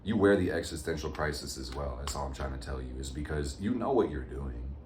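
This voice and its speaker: A man's voice: extremely low pitch, lively intonation, fairly quick, reverberant, background noise. A man giving a casual, upbeat tarot reading to his viewers, full of motivational pep talk. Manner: upbeat, motivational, addresses viewers as fam and gang. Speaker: tarot reader.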